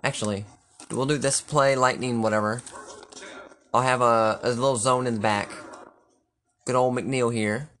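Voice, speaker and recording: Profane, excitable young-sounding gamer man. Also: medium pitch, unhurried, long pauses. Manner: profane, excitable, thinking aloud. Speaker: gamer playing a football video game. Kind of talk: casual gameplay commentary.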